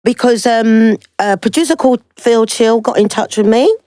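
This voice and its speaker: A woman in her sixties with a London accent, a guest singer telling her story in a lively, animated way and acting out other people's voices. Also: on the high side, normal speed, dry recording, studio quality. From South London, England. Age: 60s. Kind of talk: casual interview chat.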